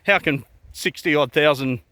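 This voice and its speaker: A man with an Australian accent rants straight to camera, blunt and profane, throwing out one rhetorical question after another. His voice is forceful and tense. It sits a little high for a man. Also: normal speed. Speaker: vlogger. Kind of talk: ranting to camera.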